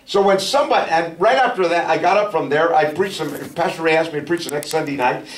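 A middle-aged male pastor giving a testimony sermon, telling his story and building to fervent, shouted praise. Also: fairly high pitch, fast talker. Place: church sanctuary. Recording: echoey church from a distance.

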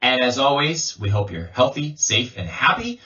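A man as an English coach, giving a slow pronunciation lesson and repeating sounds as drills. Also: medium pitch, wildly swooping pitch, bright, forceful tone. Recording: distant mic, dull lo-fi sound.

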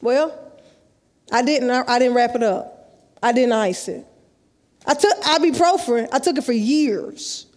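A woman, telling a lively story in a sermon at a youth conference and acting out the dialogue. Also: fairly high pitch, unhurried, long pauses. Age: 30s. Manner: lively, acts out dialogue, laughs often. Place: large church sanctuary, live. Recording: live church hall with long echo.

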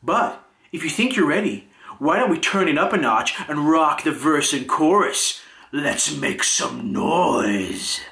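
A man's voice: a little high, expressive, slow pace, gravelly, sharp tone. A man giving upbeat, scripted encouragement to a drum student. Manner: enthusiastic, cheering the learner on. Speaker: lead character hosting the tutorial. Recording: echoey room.

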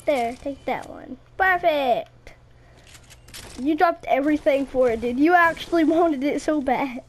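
A woman's voice: high-pitched, unhurried, a little hiss or hum. A woman in casual gaming chat with a friend, bossy and teasing. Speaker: gamer.

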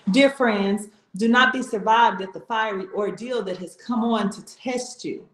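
A woman talking about her faith in a casual chat, animated and slangy, often repeating herself. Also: mid-range voice. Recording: echoey room.

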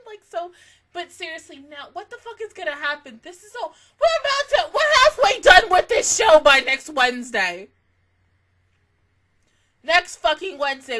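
High bright excitable woman reviewer. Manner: excitable, swearing, swings between laughing and mock crying. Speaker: anime reaction YouTuber. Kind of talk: casual anime reaction review.

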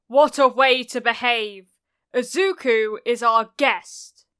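A woman voicing a caring mother who scolds sharply and comforts softly, in a fan fiction reading. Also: fairly high pitch, slow, clean tone. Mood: scolding. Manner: scolding then soft and gentle. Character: caring mother figure, stern when scolding.

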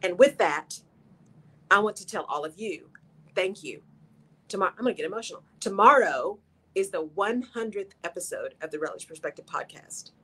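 A woman's voice: mid-range voice, lively intonation, moderate pace, bright, forceful tone, slightly rough. A middle-aged woman hosts a radio show, giving an earnest, encouraging motivational talk straight to her listeners.

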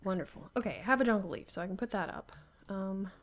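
This young gamer's voice is medium in pitch and fast, with a little hiss or hum on the recording. Muttering to herself over Minecraft survival gameplay, she keeps laughing and grumbling in exasperation.

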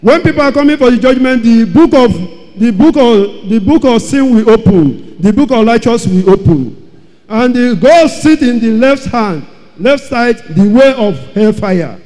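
A man giving an emotional church testimony, telling his story dramatically and repeating phrases, his loudness rising and falling. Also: extremely high pitch, animated, a little slow. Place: large church hall. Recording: long hall reverb.

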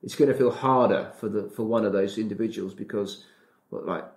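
A man, a running coach and podcast guest, explaining ideas in casual chat with an animated manner and acted-out asides. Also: fairly low pitch, brisk, echoey room. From Britain. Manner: animated, acts out his inner dialogue.

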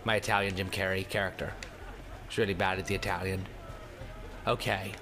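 A man's voice: mid-range voice, fast talker, bright, forceful tone. A young man giving goofy, rambling gameplay commentary, joking at his own expense and breaking into mock screams. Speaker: let's play commentator.

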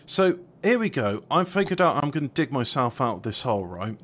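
A man's voice: mid-range voice, sing-song, a little fast, a bit bright, slight background noise. A man in casual chat with stream viewers, hesitant and stumbling, restarting his sentences often.

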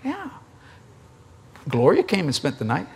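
A middle-aged man preaching a sermon at a convention, an animated, joking storyteller. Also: fairly high pitch, a little slow, creaky, breathy edge.

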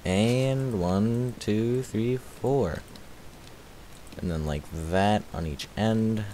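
A man streaming a game live, chatting casually with a slightly raspy voice and thanking viewers as he plays. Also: fairly low pitch, drawn-out words, warm tone, a little hiss or hum. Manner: chatty, thanks viewers, repeats filler words. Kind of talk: casual livestream commentary while playing.

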